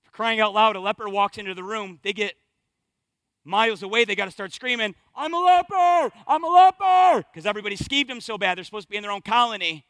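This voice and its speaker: A man preaching a sermon as pastor, impassioned and conversational, dropping to a hush and then rising loud. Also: high-pitched, steady tone, fast talker, no room sound. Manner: impassioned, swings from hushed to loud.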